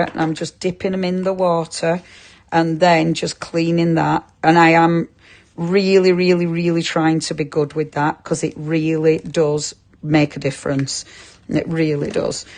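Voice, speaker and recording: A woman's voice: low-pitched, a little mellow. A woman presenting a live craft demonstration on a shopping channel, chatty and effusive, greeting viewers by name. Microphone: earpiece with producer talkback.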